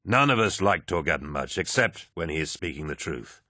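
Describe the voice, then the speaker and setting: A man's voice: extremely low pitch, expressive, normal speed, pushed and bright, no room sound, clean studio sound, exaggerated voice. A man doing an earnest, principled captain. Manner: earnest and direct.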